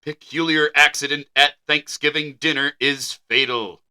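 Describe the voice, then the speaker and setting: A man's voice: a little high, fairly even intonation, normal speed, sharp tone, clear, resonant tone. A man co-hosting a podcast, reading an article aloud with wry asides. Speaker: podcast co-host. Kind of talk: reading a story aloud in casual banter.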